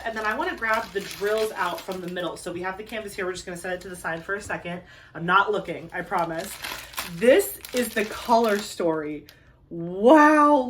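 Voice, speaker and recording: A woman crafting vlogger chatting casually to camera while unboxing, gushing and excitable with lots of fillers. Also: medium pitch. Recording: a bit distant from the mic, faint ambient noise.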